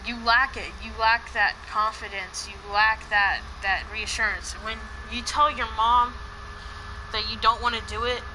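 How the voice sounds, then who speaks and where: A woman's voice: a little high, fairly even intonation, a little slow, background noise. A woman in a heated personal argument on a call, talking in an upset, repetitive way and swearing.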